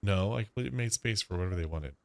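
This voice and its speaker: A man's voice: on the low side, very fast, gravelly. A man voicing a blunt, impatient young woman, a former fighter, who talks in a pushy, curt way.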